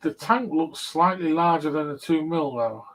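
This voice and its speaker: A man's voice: fairly high pitch, moderate pace, a bit bright, rough recording. Chatty man hosting a casual chat. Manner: laid-back, chatty, laughs often. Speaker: host.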